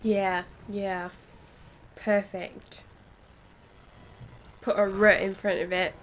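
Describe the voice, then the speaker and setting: A woman's voice: mid-range voice, flat delivery, drawn-out words, slight background noise. A woman co-hosting a game stream, chatting casually in a rambling way with lots of fillers. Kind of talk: casual chat over a game.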